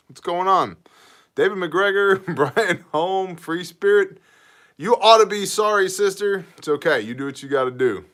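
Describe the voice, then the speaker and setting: A man hosting a prepper Q&A livestream, greeting viewers by name with loose jokes and making an energetic appeal for mission donations. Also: fairly high pitch. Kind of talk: casual livestream chat.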